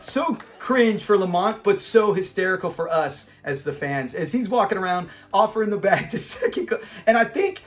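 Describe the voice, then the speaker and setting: A man who hosts a show reviewing a classic sitcom episode. He is animated, laughs often and acts out characters' lines as he retells scenes. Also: sits high, normal speed, hardly any pauses.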